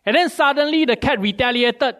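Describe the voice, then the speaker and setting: A male preacher, giving a sermon with animated storytelling and many rhetorical questions. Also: very high voice, a little fast.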